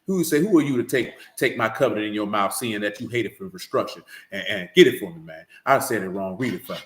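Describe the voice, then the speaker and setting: A man preaching a street-style sermon, heated and profane, often building to shouts. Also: fairly low pitch, lively intonation, fast talker, echoey room.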